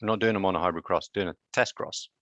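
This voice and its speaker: A man's voice: deep voice, fast talker, fairly bright tone, no room sound. A man lecturing on genetics in a live online class, chatty and quizzing students with joking asides.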